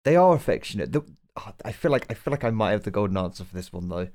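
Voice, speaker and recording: Joking young podcast host. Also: male voice, lowish voice, big pitch swings, quick pace, darkish tone. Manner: upbeat, joking, steers the show. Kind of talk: casual chat.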